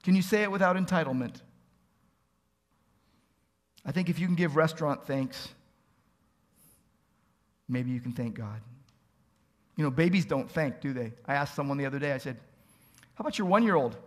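A man's voice: mid-range voice, moderate pace, long pauses. A man preaching a sermon as pastor, earnest, asking pleading rhetorical questions and building to emphatic peaks.

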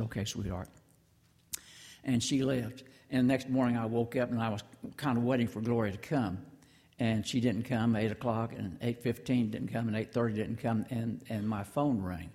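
Older preacher with a halting, folksy delivery. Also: male voice, mid-range voice, a little mellow, long reverb tail. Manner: folksy, halting, many restarts and asides to the congregation. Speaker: pastor. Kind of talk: sermon. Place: church sanctuary.

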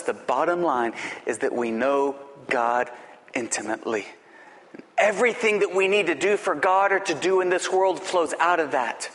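Man preaching in an echoing hall. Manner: swings from loud rising exhortation to hushed low emphasis. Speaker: pastor. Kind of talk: sermon. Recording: long reverb of a large hall.

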